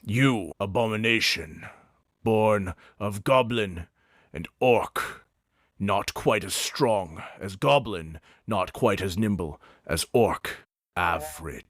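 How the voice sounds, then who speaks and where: A man's voice: fairly low pitch, lively intonation, fairly bright tone, no echo, clean studio sound, pitched below the performer's own voice, exaggerated voice. Mountain, a man doing a dim, hulking orc. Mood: solemn. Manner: slow, broken grammar, solemn. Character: huge muscular young male orc, blunt and dim.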